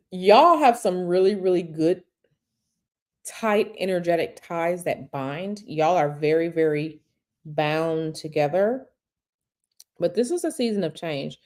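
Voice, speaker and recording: A woman's voice: lowish voice, a little mellow. A woman giving a live-stream tarot reading, speaking conversationally and repeating phrases for emphasis. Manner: reads viewer questions aloud and answers directly. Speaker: tarot reader.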